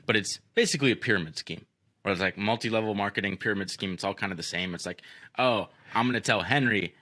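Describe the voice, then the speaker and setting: Young man, deep voice, forceful, casual chat, swears a lot, many fillers. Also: very fast, no room sound. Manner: profane, rambling with many fillers. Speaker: podcast host.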